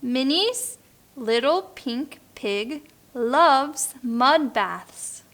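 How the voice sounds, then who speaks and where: Slow, bright-voiced woman reading aloud. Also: sits high, expressive. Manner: slow, clear, with playful animal sounds. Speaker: English teacher reading aloud. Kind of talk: slow read-aloud picture book for beginners.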